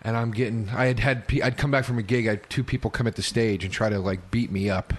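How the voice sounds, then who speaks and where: A man's voice: fairly low pitch, steady tone, quick pace. A man, a stand-up comedian guest on a podcast, telling a rambling, profane story with many restarts. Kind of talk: casual storytelling chat.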